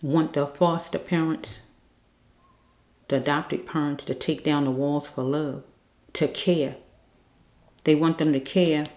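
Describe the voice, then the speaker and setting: A woman with a deep, mellow voice leads a spiritual card reading in an echoey room. She talks earnestly and pleadingly, circling back to the same points and asking again and again if the listener follows her. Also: steady tone, slow pace, long pauses. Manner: repetitive, keeps checking in with listeners. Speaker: card reader.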